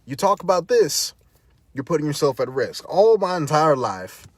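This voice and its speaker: A man's voice: on the high side, very animated, moderate pace, breathy edge. A man speaking as a protest activist, fiery and defiant, hammering points home through repetition. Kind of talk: impassioned direct-to-camera talk.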